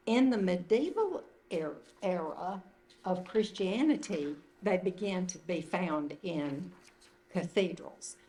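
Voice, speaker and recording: An older woman leading a retreat group, giving an informal, conversational teaching talk indoors in a meeting room. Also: fairly low pitch. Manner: conversational, loosely phrased, gentle. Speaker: retreat leader.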